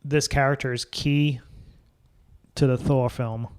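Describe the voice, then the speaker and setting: Casual film chat from a male podcast co-host who swears freely and comments offhandedly on movies. His medium-pitched voice is clean and steady, and he speaks at a measured pace.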